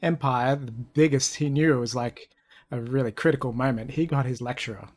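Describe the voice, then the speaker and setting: A man's voice: mid-range voice, moderate pace. Man in casual podcast chat. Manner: asks pointed questions, joking asides. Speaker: podcast co-host.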